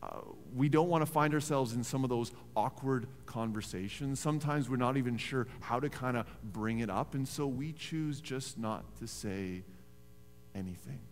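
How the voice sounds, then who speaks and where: A man, a pastor preaching a sermon in a church in a conversational, animated storytelling way. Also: mid-range voice, normal speed, slight background noise. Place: church sanctuary. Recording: reverberant church hall.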